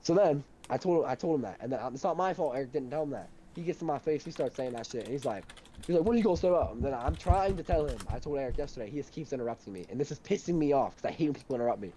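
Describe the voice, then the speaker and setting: Fast-talking young man with a mellow voice. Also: mid-range voice, a little hiss or hum. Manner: animated, heated storytelling with lots of swearing. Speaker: storyteller in a duo chat. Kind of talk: casual chat.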